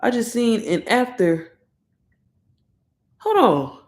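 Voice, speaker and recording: Chatty excitable woman, echoey room. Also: medium pitch, brisk. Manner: excitable, chatty, addresses viewers directly. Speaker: online course promoter. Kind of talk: casual livestream chat.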